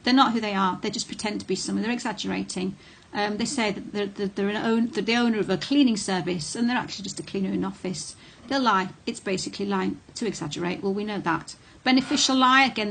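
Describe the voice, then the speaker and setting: Woman, middle-aged, mid-pitched, candid talk to camera, faint background hiss. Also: fast, gravelly, hardly any pauses, fairly bright tone. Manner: blunt and candid, with many ums and restarts. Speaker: vlogger on narcissistic abuse.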